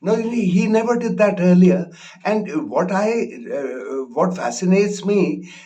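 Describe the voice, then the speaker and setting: A man giving casual spoken political commentary, halting with many fillers and restarts. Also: high voice, animated, dark tone.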